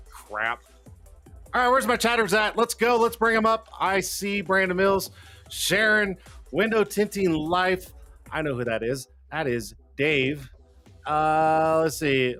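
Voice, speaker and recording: A man's voice: fairly high pitch, sharp tone. A man hosting a casual live stream, talking loosely and swearing freely, a little out of breath. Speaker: livestream show host. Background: faint background music.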